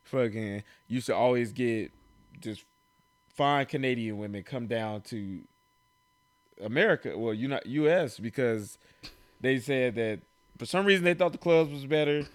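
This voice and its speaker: A man's voice: mid-range voice, moderate pace, no echo. A young man in casual chat, asking blunt, teasing questions in slangy talk. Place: indoor room.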